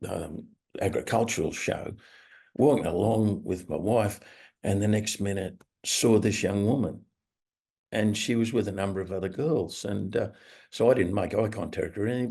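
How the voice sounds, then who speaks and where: A man with an Australian accent presenting a webinar, telling anecdotes and acting out quoted people in a higher voice. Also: vocal fry, darkish tone, slightly rough. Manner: anecdotal, acts out quoted voices in a raised pitch. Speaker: webinar presenter on restorative practice. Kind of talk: storytelling presentation.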